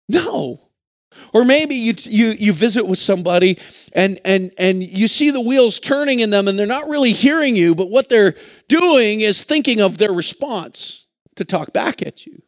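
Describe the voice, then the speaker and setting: Earnest male pastor, higher voice. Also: creaky, no room sound, clean studio sound. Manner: earnest, reflective, with occasional restarts. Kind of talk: sermon.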